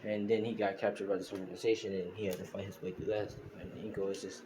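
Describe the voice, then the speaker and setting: A man's voice: low-pitched, little pitch movement, fast. A man casually narrating a fan story, rambling and full of fillers. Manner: rambling, full of fillers like "you know" and "pretty much". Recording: hissy home screen recording.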